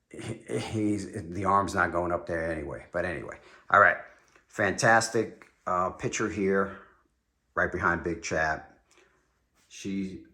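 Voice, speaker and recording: Deep-voiced New York man, echoey room. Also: a bit bright. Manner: enthusiastic, rambling. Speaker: collector giving a room tour. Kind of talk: casual collection tour. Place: home statue room.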